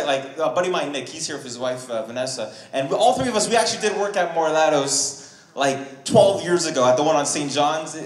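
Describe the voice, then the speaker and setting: A man's voice: a little high, echoey room. A man doing a crude stand-up set in a comedy club, telling stories and bantering with the crowd. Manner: animated, crude, storytelling with audience banter.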